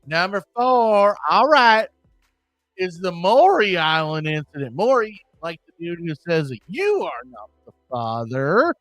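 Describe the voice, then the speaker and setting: Brief: male podcast host, fairly high voice, dry close sound, loose crude banter. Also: sing-song, normal speed, hardly any pauses, no echo, soft background music. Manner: rambling, crude, joking asides. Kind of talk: casual podcast chat.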